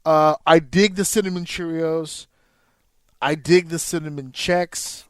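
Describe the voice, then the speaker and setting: A man's voice: on the high side, steady tone, measured pace, dry recording. A man co-hosting a podcast, chatting casually, laughing often and swearing. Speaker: podcast co-host. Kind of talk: casual banter.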